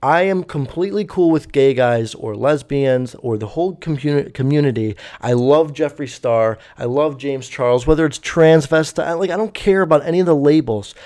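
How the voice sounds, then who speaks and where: A man's voice: a little high, moderate pace, hardly any pauses, mellow. A young man telling a story in a casual, rambling way, swearing often and using many fillers. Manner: rambling, profane, full of fillers.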